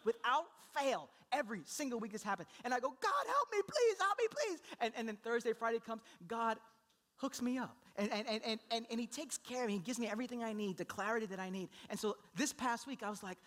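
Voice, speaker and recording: A man's voice: very high-pitched, fast talker, fairly bright tone. A young man preaching from the pulpit, telling a homey story about his infant son. He moves freely between earnest exhortation and playful acted-out voices, laughing as he goes. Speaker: pastor. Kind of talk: sermon.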